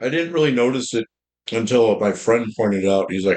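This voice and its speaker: Deep-voiced man rambling on a stream. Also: expressive, brisk, poor audio. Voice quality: deep, slightly loud streaming voice. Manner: rambling, heavy on fillers and restarts. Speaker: game streamer. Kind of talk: casual stream chat.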